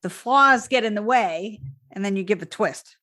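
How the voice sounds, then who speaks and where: A woman's voice: medium pitch, moderate pace, bright, forceful tone. Female podcast host with a mid-range voice, friendly and curious, interviewing casually.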